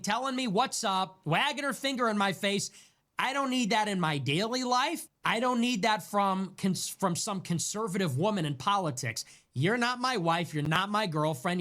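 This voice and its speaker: A man's voice: high voice, a bit bright. A man ranting angrily on his livestream, scornful and repetitive as he hammers his points home. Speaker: livestream host. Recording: played back as a stream clip.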